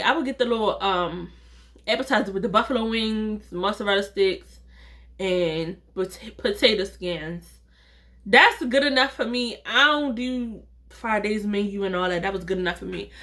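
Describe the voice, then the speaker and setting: A woman telling a personal story in a casual vlog, chatty and animated, acting out the dialogue and talking straight to her viewers. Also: medium pitch. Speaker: vlogger, storyteller.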